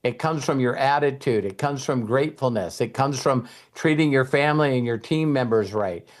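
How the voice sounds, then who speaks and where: A man's voice: mid-range voice, normal speed. A middle-aged man hosting a motivational talk, telling stories and acting out quoted voices with some casual swearing. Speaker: host and mentor.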